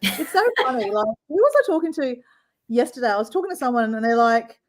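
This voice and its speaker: Australian woman, fast chatty talker, fairly high voice, casual live chat. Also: sing-song. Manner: fast-talking, chatty with restarts. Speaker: co-host.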